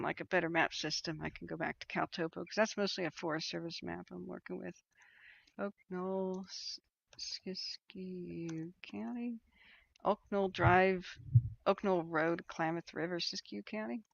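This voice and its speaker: Woman on a casual livestream, gravelly voice, talking herself through maps, lots of ums, dull lo-fi audio. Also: lowish voice, fairly even intonation, moderate pace, no echo. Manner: thinking aloud, hesitant, many ums and restarts. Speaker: wildfire tracking livestreamer. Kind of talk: casual live-stream commentary.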